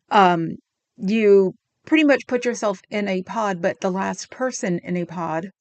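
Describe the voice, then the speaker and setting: A woman's voice: fairly low pitch, steady tone, normal speed. A middle-aged woman hosting a livestream, chatting casually and sarcastically as she recounts a video and reads comments aloud, with frequent ums. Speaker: livestream host.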